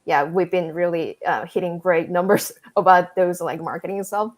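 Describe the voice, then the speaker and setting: A woman hosting a casual business interview, asking questions in halting phrasing that trails off softly at the ends of sentences. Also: fairly low pitch, steady tone. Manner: halting second-language phrasing with soft trailing endings. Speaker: host.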